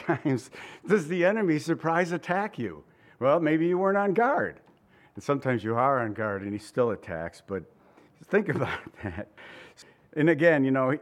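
A man's voice: on the high side, animated, moderate pace. A man preaching a sermon to his congregation in an earnest, conversational way, emotional and close to tears, with bursts of laughter between points. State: tired and near tears. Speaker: pastor.

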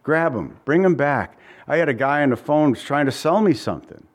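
A man preaching a sermon as pastor, animated and asking the congregation many rhetorical questions, with passages of scripture read aloud. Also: a little high, normal speed. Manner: reads scripture in old-fashioned wording.

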